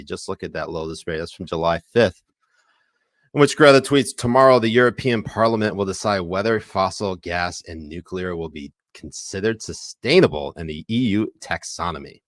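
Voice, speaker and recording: Low-voiced man joking on a podcast. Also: moderate pace, a bit bright, dry recording. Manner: crude joking, laughs often. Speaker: podcast co-host. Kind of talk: casual podcast banter.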